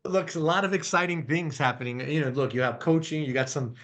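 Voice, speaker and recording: A man's voice: fairly high pitch, brisk, fairly bright tone. Upbeat podcast host, a man. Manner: casual, upbeat, ends points with "right?". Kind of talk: podcast interview.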